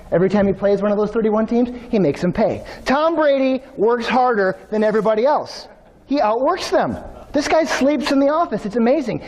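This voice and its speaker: Energetic high-voiced male keynote speaker. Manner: energetic, storytelling, addresses audience directly. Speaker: motivational speaker. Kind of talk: keynote speech to an audience.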